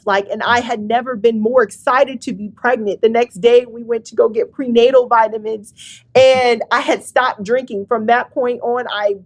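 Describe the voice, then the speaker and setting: A young woman telling an emotional personal testimony as a guest, often filling with "like". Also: on the high side. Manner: emotional, many fillers like "like".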